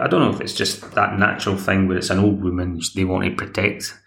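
A man's voice: fairly low pitch, vocal fry, a bit bright, roomy sound. A Scottish man hosts a podcast, recapping a TV episode in a chatty, rambling way. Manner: chatty, rambling, plays the characters' lines himself. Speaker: podcast host.

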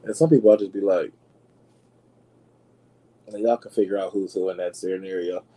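A man hosting a podcast and dishing celebrity gossip in a sassy, dramatic way, calling his listeners y'all and jumping into high squeals to make a point. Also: steady tone, normal speed, mellow, poor audio. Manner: swoops into high squeals for emphasis. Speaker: podcast host. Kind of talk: casual gossip commentary.

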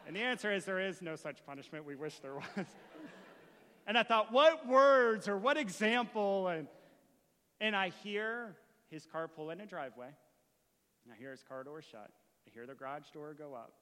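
A man preaching a sermon as a story, moving from hushed retelling to impassioned shouting. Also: a little high, moderate pace, long reverb tail. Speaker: pastor.

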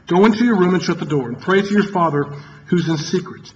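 A pastor preaching a sermon to his congregation in an earnest, emphatic way, repeating key phrases and pausing for effect. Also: sits high, expressive, darkish tone, dull audio.

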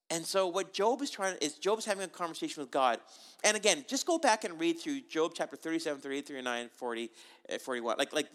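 Male preacher, conversational and jokey; bright, forceful, a bit high. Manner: conversational and joking, many asides and rhetorical questions. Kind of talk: sermon.

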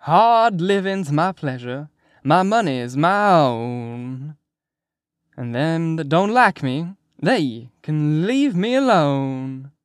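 A man voicing a brash, teasing male patient who sings loudly and plays mock-innocent. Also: fairly high pitch, lively intonation, unhurried, dry recording, clean studio sound, voice pushed up. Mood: singing loudly. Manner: loud sing-song, mock-pitiful.

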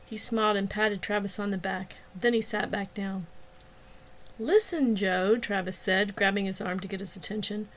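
A woman reads a novel aloud in a measured, even voice. Her pitch sits in a middle range. She narrates steadily. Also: slight background noise. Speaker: audiobook narrator. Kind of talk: scripted narration.

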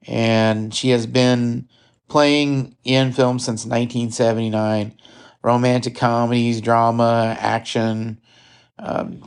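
Rambling Midwestern American man. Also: medium pitch. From Midwestern United States. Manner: rambling and digressive, with many fillers and restarts. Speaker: podcast host. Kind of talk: casual podcast chat about a film.

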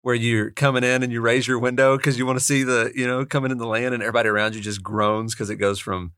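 A man co-hosting a book discussion, chatting in a relaxed, conversational way. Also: mid-range voice, quick pace, smooth, no echo, clean studio sound. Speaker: podcast co-host.

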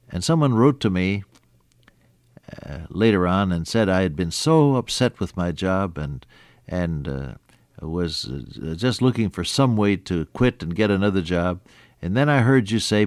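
A man's voice: low voice, darkish tone, no echo, clean studio sound. A man preaching a sermon, telling stories and explaining scripture in a conversational way with rhetorical questions. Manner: conversational storytelling with Greek word study.

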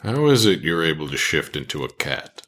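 A man's voice: rumbling low, sing-song, moderate pace, fairly bright tone, exaggerated voice. A man voicing Cavalon, a grave, loyal old male wanderer in an audio drama, speaking earnestly and solemnly.

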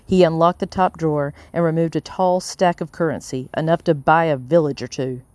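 An audiobook narrator reading a first-person story in a steady, measured way. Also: mid-range voice, no room sound.

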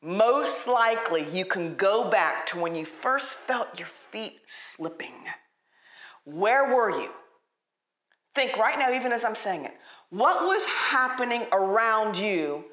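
A woman preaching a conversational sermon, emphatic and animated, often repeating her points. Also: mid-range voice, slow, reverberant. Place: church.

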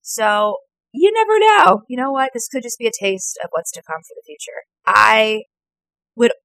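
A woman's voice: fairly high pitch, animated, moderate pace, fairly bright tone, no echo, rough recording. A woman co-hosting a fan podcast in casual, upbeat chat full of "like" and "I don't know.". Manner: chatty, upbeat, heavy use of "like". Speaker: podcast co-host.

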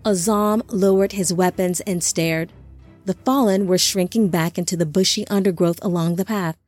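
A woman narrating an audiobook in a steady storytelling manner. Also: lowish voice, moderate pace, faint music behind.

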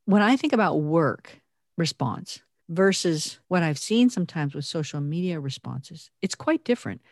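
Lowish woman on a podcast, earnest and thoughtful, dry mic. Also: expressive, moderate pace, darkish tone, no room sound. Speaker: podcast co-host. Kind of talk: conversational podcast talk.

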